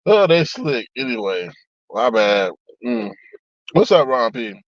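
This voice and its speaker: A man's voice: medium pitch, very animated, slow, no room sound, highs cut off. A man in casual chat on a live stream, reading viewer comments aloud and talking back to them. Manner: chatty, reads comments aloud, frequent laughs and asides.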